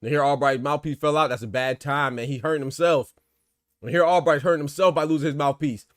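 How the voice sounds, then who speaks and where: A man calls a boxing fight live for his viewers in a loose, slangy, conversational way. He gets excited and loud when the action heats up. His voice sits a little high, and the dry, close recording has almost no room sound. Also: fast, no room sound. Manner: excitable, shouts during big moments, slangy and conversational. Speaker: boxing commentator and channel host.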